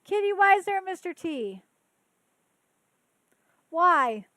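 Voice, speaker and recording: High-pitched, profane woman ranting. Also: big pitch swings, takes it slowly, sharp tone, no room sound, low-quality recording. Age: 30s. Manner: profane, exasperated, talks to her cat. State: tipsy from drinking. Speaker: podcast host. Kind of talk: casual ranting commentary.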